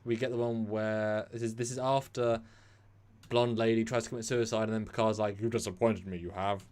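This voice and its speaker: A man co-hosting a casual live-stream chat, animated and rambling with sarcastic asides. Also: on the low side, brisk, smooth. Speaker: co-host.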